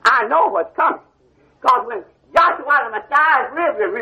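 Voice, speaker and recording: Speaking at a moderate pace with an extremely high, bright and forceful voice, an older man preaches animatedly to a class. He keeps halting to ask "you see?" in call-and-response manner, recorded on a dull old 1970 lecture tape.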